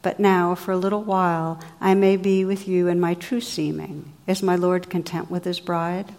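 A grave, gentle enchanted lady with a slow and sweet delivery, as a woman reads her aloud. She speaks in measured, formal phrases in a slightly low voice, in a storybook reading. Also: level tone, close to an everyday voice.

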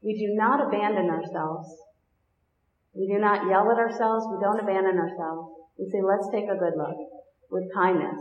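Gentle woman meditation teacher in a hall. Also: mid-range voice. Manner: gentle, unhurried, reflective. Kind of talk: dharma talk to a group. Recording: echoey hall, dull lo-fi sound.

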